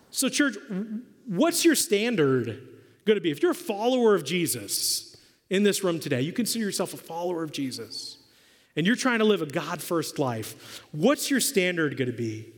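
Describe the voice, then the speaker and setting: A man's voice: on the high side, big pitch swings, moderate pace. A man preaching a sermon as pastor, emphatic and quizzing his congregation in a church hall. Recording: long hall reverb.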